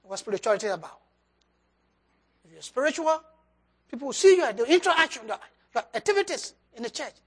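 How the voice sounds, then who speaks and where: Preacher, high voice, sermon, emphatic, loud-soft swings, loose grammar. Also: very animated, brisk, long pauses. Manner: loose, nonstandard English grammar. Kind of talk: sermon with altar call.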